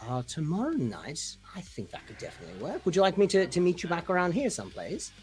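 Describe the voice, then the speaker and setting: Tabletop player with a mid-pitched, very lively voice, hesitant and prone to repeating words. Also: fast, faint music behind. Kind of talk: tabletop role-play, in and out of character.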